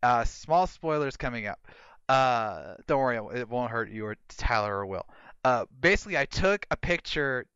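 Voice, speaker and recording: A man hosting a podcast in casual chat, an animated storyteller who mimics people in high voices. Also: normal speed, smooth, dry recording, lo-fi sound. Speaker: podcast host.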